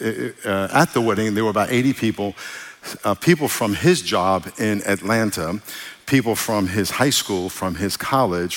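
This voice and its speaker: A man's voice: fairly low pitch, fairly bright tone. Folksy pastor man preaching casually. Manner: folksy, loose and talkative, with frequent restarts and calls for amen. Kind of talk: conversational sermon.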